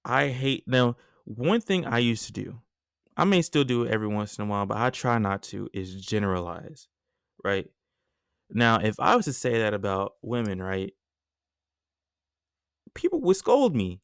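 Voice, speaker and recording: Casting note: young male podcaster, smooth clear voice, dry close sound, slangy and animated. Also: fairly low pitch, moderate pace, long pauses, dry recording. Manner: animated, slangy storytelling with frequent asides. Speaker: podcast host. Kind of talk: casual podcast monologue.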